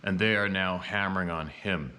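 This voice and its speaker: A man's voice: sits low, moderate pace, bright, forceful tone, clean tone. A man telling rambling, blunt stories in a casual vlog, swearing now and then. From Canada. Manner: blunt and profane, with frequent asides. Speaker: vlogger.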